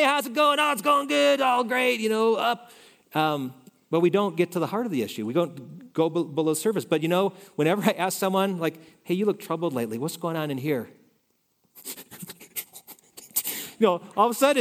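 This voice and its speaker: A male pastor preaching a conversational sermon, shifting between loud emphasis and soft asides. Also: a little high. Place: church sanctuary. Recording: reverberant hall.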